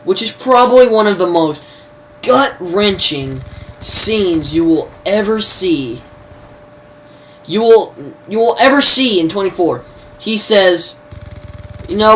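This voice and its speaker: Speaking at a measured pace with a fairly low, expressive voice, a woman chats through a TV episode. She wanders with many fillers, restarts and a touch of slang, and the recording has a distant mic and faint background noise.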